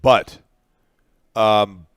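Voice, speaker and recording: A man's voice: drawn-out words, no echo, clean studio sound. A man co-hosting a sports talk show, making his points emphatically and repeating them for effect. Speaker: sports radio co-host.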